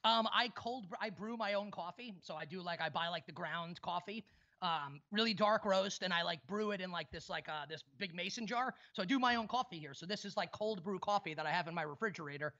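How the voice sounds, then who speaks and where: A man's voice: sits high, brisk, pushed and bright, dull audio. A man co-hosting a casual sports podcast over a video call, teasing his guests and swearing freely. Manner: teasing, joking, profane. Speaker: podcast host.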